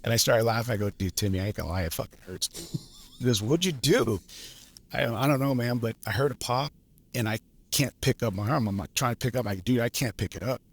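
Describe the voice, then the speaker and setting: Gravelly-voiced man telling a story. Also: mid-range voice, brisk. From Los Angeles. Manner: laid-back, swears freely, laughs through stories. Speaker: lineman guest. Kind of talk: casual storytelling.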